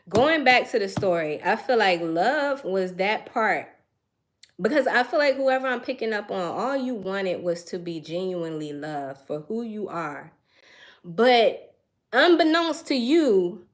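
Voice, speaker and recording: A young woman giving an intuitive tarot reading, musing and searching for words with frequent sighs, earnest and emotional. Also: medium pitch. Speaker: tarot reader.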